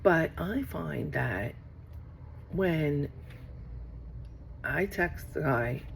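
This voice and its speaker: A woman's voice: sits low, expressive, extremely slow, vocal fry, a little hiss or hum. A middle-aged woman talking casually to camera from her office, rambling and acting out conversations she has had. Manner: rambling, acts out quoted exchanges. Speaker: vlogger.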